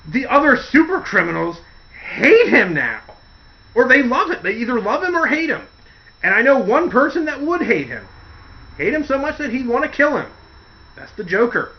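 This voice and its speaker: A man's voice: high-pitched, big pitch swings, moderate pace, dull audio. A man hosting a casual podcast, rambling through stories and acting out quotes along the way. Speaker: podcast host. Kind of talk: casual chat.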